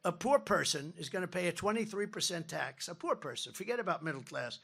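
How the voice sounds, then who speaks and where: A man's voice: high voice, lively intonation, a little fast, vocal fry, pushed and bright, breathy edge. A man in his seventies giving a rambling, boastful campaign speech from a podium at a large rally. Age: 70s. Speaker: political candidate. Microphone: podium mic.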